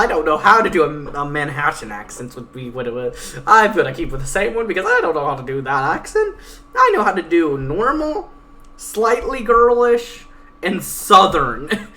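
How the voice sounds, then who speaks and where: A woman's voice: sits low, sing-song, pushed and bright. A woman hosting a strategy game let's play, giving casual, bubbly, chatty commentary and reading story events aloud. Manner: bubbly, chatty, quick to laugh.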